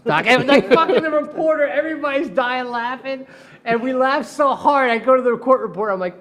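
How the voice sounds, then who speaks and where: A man's voice: extremely high pitch, a little fast. A middle-aged man, a defense attorney, telling a courtroom story in casual chat, laughing often and swearing freely. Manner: profane, laughing, animated storyteller.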